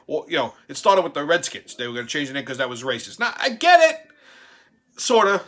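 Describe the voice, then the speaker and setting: A middle-aged man telling a story in a casual, profane, animated way, laughing as he talks. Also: on the high side, a little fast. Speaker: show host.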